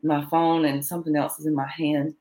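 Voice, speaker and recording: A woman's voice: sits low, flat delivery, a little fast, warm tone. A woman telling her own story as an interview guest, acting out what was said and who said it. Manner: tells events in present tense, acting out quoted lines. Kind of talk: personal storytelling.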